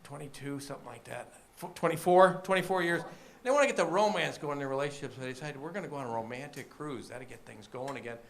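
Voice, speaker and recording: A man's voice: mid-range voice, quick pace, gravelly. A man doing a stand-up comedy set on a club stage, chatting with the crowd between punchlines. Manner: joke-telling with punchlines, chatty asides to the crowd.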